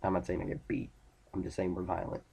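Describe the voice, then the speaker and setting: A man's voice: low-pitched, completely flat delivery, quick pace, vocal fry, warm tone, breathy edge. A teenage boy ranting casually to camera, rambling and irritated, retelling conversations with friends. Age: teens. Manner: rambling, irritated, talks in retold dialogue. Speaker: vlogger.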